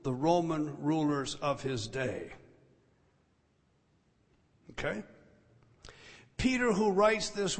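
Emphatic preacher man in a reverberant hall. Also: fairly high pitch. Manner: emphatic, repeats phrases for stress. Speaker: pastor. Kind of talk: expository sermon.

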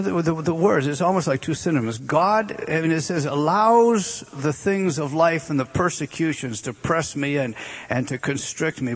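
Delivering a sermon that unpacks the meanings of words, this preacher has a slightly rough voice pitched a little high. His delivery swings from forceful, elevated sections to soft, stretched-out repetitions.

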